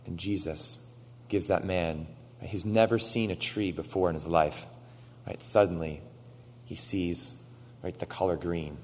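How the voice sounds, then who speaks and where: A man preaching a sermon, retelling stories with animated quoted lines and frequent "right?" asides. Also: sits low, a little slow, big-room sound, slight background noise. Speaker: pastor.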